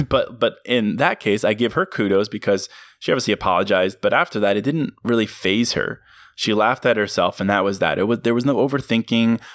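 A man hosts a motivational podcast on his own, pressing his points with emphatic sincerity. His voice sits low, and he laughs easily between thoughts. The sound is dry and close, with no room around it. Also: brisk, fairly bright tone, dry recording. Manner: earnest, emphatic, laughs often. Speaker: podcast host. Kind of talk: motivational solo podcast talk.

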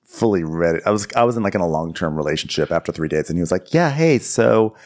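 A man's voice: deep voice, very fast, darkish tone. A man co-hosting a comedy podcast that recaps reality TV. He tells stories playfully and acts out the punchlines. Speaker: podcast co-host.

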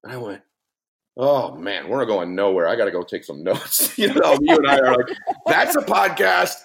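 A middle-aged man telling a story in a podcast conversation, animated and laughing, with big swings in his voice. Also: medium pitch, moderate pace, creaky. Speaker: podcast guest, motivational speaker.

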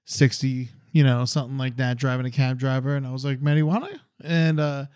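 A man's voice: mid-range voice, a little fast, darkish tone, smooth, dry recording, clean studio sound. A man in his forties, co-hosting a podcast, telling a rambling, profane story in a casual chat. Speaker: podcast co-host.

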